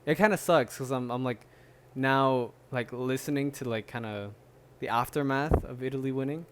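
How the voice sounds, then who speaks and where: A man's voice: medium pitch, moderate pace, noisy background. A man hosting a solo podcast, chatting casually in a rambling way with lots of fillers. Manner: rambling, many fillers and restarts, laughs often. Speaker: podcast host.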